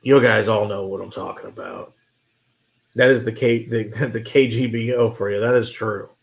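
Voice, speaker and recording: A man from Texas with a Texan accent, co-hosting a whiskey show in relaxed, joking chat and swearing freely. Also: lowish voice, normal speed, gravelly. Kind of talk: casual chat.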